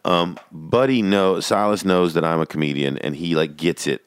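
A man's voice: low-pitched, moderate pace, smooth, dry recording, studio quality. A man in his thirties, a comedian, telling family stories in casual podcast chat and swearing casually. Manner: animated storyteller, swears casually.

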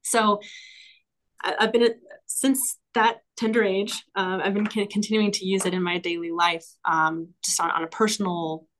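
A woman's voice: medium pitch, fairly even intonation, measured pace, fairly bright tone, slight background noise. A woman speaking as a guest on a podcast, in a reflective, enthusiastic way, with frequent fillers and small laughs. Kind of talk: casual conversational interview.

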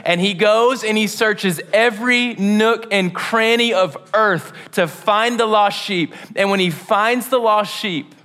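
Bright, animated high-voiced male pastor. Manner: animated, casual slang, acts out stories. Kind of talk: sermon.

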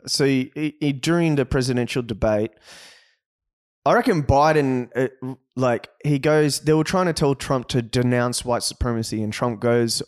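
An Australian man co-hosting a casual podcast. He talks in an animated way, swears freely and keeps breaking off and restarting his sentences. His voice sits at an ordinary middle pitch. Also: clean tone. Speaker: podcast co-host.

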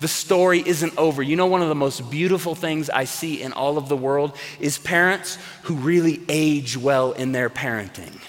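A man's voice: fairly high pitch, normal speed, few pauses. A man preaching a sermon to a congregation, earnest and emphatic, repeating phrases for weight. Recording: long hall reverb.

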